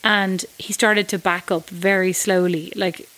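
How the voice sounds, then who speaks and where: A woman's voice: medium pitch, little pitch movement, measured pace, fairly bright tone. A woman from Ireland with an Irish accent, co-hosting a podcast and telling wry, chatty stories in casual conversation. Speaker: podcast co-host. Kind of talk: casual chat.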